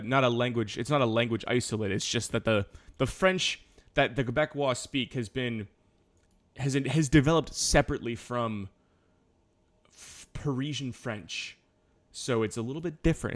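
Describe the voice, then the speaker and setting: A man chatting casually on a live stream, rambling, swearing and correcting himself as he goes. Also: medium pitch. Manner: loose rambling talk with profanity and self-corrections.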